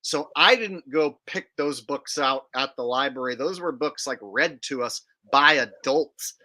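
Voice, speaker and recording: A man's voice: mid-range voice, unhurried. A man hosting a casual open panel chat over a video call, telling stories and acting out movie quotes with energy. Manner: animated storyteller, acts out quotes. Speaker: host.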